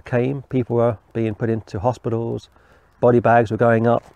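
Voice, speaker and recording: A man's voice: medium pitch, dark tone, dry recording. A man giving an informal Bible teaching in a rambling, conversational way, with asides and restarts. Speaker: preacher.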